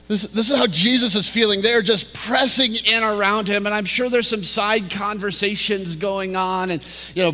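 Male preacher with a bright, forward tone, telling a story in his sermon and dropping to a hush for emphasis; reverberant church room. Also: sits high. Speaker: pastor. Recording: reverberant hall.

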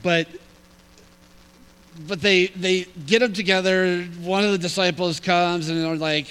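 Guy preaching a sermon, high bright voice, lively and jokey, talks to the crowd like friends. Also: measured pace, pauses often, clean tone, low-quality recording. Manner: animated, humorous and conversational. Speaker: pastor.

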